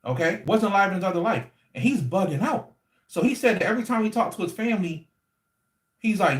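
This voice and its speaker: A man telling a story casually to his livestream audience in an animated, slangy, repetitive way. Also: sits high, fairly quick. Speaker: livestream host. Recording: echoey room.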